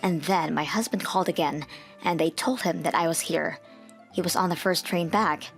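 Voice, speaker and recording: A woman's voice: fairly low pitch, normal speed, gravelly, faint music behind. A young woman narrating a dubbed manga story in an earnest, first-person storytelling manner. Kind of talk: scripted manga dub narration.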